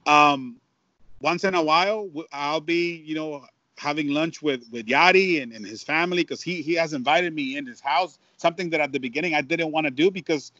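Man, broadcaster telling stories in an interview, animated with restarts; dull lo-fi sound. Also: fairly high pitch, fairly quick, no echo. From Mexico. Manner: animated storyteller, many restarts and repeats. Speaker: Spanish-language baseball broadcaster. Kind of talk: casual storytelling interview.

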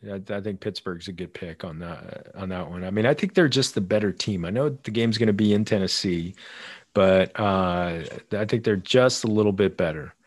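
Low-voiced man in dry sports chat. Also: a little mellow, dry recording. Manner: easygoing, quick to laugh along. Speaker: podcast co-host, fantasy football player. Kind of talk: casual sports talk.

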